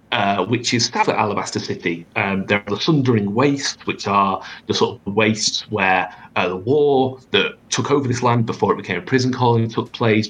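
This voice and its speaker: A man's voice: lowish voice, fairly bright tone, slight background noise, low-quality recording. A man narrating as game master over a video call, with a wry, rambling delivery and plenty of fillers. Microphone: computer mic on a video call.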